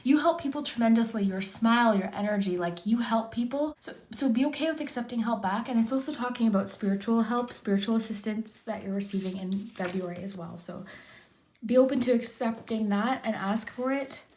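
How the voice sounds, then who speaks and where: Soft-spoken woman giving a tarot reading. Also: on the high side, a little fast. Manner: gentle, reassuring, repeats phrases. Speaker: tarot reader. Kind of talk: monthly tarot reading to camera.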